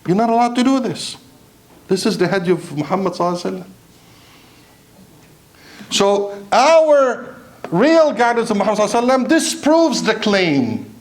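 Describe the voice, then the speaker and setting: A man delivering a Friday sermon with a high voice. He preaches with passion, asks his listeners pointed rhetorical questions and slips into Arabic recitation. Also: very animated, brisk, long pauses.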